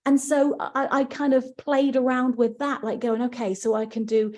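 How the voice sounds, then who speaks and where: Mellow English woman narrator. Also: on the high side, flat delivery, normal speed. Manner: chatty, explains with examples. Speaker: audiobook narrator guest. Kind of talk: casual conversation.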